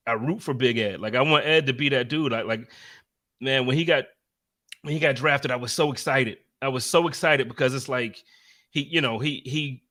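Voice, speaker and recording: A man with a bright, forceful voice hosts a casual sports talk show. He talks with lively emphasis, building his points with repeated phrases and quick asides. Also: mid-range voice. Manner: energetic, animated, emphatic. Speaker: podcast host.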